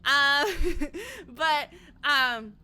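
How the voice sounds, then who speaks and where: A woman's voice: high-pitched, very slow, very noisy. A woman VTuber streamer chatting casually while gaming, rambling, laughing a lot and swearing freely.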